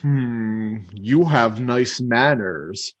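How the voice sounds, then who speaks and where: A man doing a slow, sly cartoon dragon. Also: dull audio. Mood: menacing. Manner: deep and drawn-out, without a growl. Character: huge slow-speaking male dragon, sly and menacing.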